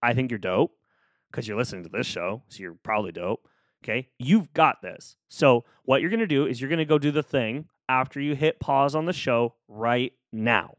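On a close studio mic with clean sound and no room noise, a male solo podcast host talks at a normal speed in a medium pitch. He keeps things casual, playful, and upbeat, encouraging the listener.

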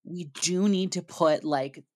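A low-pitched woman co-hosting a podcast, talking casually. She rants emphatically and swears freely, piling on point after point. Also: a little slow, warm tone. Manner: profane, emphatic ranting. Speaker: podcast co-host. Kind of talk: casual chat.

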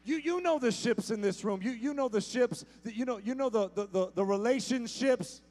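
A man preaching a sermon to a church congregation, repeating phrases for emphasis, with soft instrumental music underneath. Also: extremely high pitch, normal speed. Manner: emphatic call-and-repeat preaching, stammered repetitions. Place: church sanctuary.

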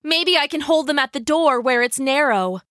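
The speaker performs a blunt young woman soldier, pitching her voice above her own natural one and sounding urgent. The high, fairly bright voice has lively intonation at normal speed, recorded clean in a studio with no room sound.

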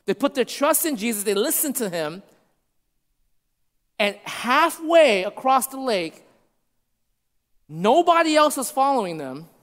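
A man preaching a sermon to a congregation, conversational and checking in with his listeners, dropping to a hush for emphasis. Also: very high-pitched, sing-song, measured pace, long pauses. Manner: shifts from loud to hushed for emphasis. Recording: long hall reverb.

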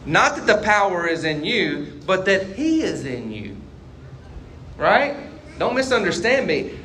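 A man preaching a sermon as a pastor, asking the congregation questions and swinging between loud and quiet passages. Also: high-pitched, big pitch swings, a little slow, slight background noise. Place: church sanctuary.

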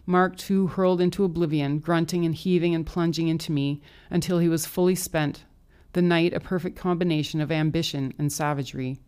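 A woman narrating a first-person story as an audiobook, calm and intimate in her reading. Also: low-pitched, brisk, smooth.

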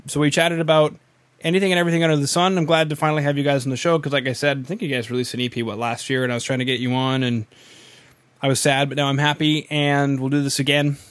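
A man's voice: on the high side, steady tone, fast talker, fairly bright tone, smooth, no room sound. A man hosting a podcast, chatting in a jokey, enthusiastic way. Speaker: podcast host. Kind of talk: casual interview chat.

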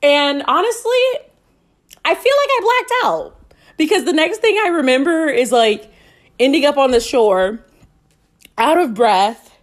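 Animated young woman podcast storyteller. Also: high voice, a little slow, long pauses. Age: 20s. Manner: animated, laughing, acts out quoted lines. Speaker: podcast host. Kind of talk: casual storytelling.

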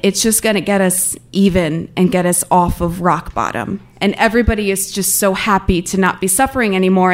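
Young adult woman storyteller, mid-range voice, earnest and candid, casual phrasing. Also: mid-range voice. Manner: earnest, candid, conversational with frequent "like". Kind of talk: personal storytelling.

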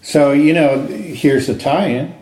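A man interviewing a guest in a casual, relaxed chat, asking encouraging questions. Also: on the high side, takes it slowly. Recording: roomy echoing room.

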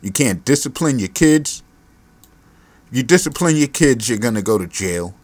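A man's voice: mid-range voice, expressive, normal speed, no room sound. A man hosting his own podcast, ranting on his own in a profane, exasperated, rambling way; he is a parent. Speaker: podcast host. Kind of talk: solo podcast rant.

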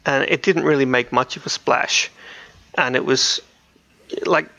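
Gravelly-voiced man chatting casually. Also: mid-range voice, measured pace, sharp tone. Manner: rambling, many restarts and fillers. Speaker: podcast co-host. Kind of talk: casual chat.

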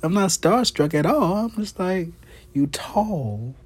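A man's voice: sits high, expressive, normal speed, slightly rough. A man hosting his own podcast in a brash, profane, gossipy monologue, laughing often. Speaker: podcast host. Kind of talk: casual monologue.

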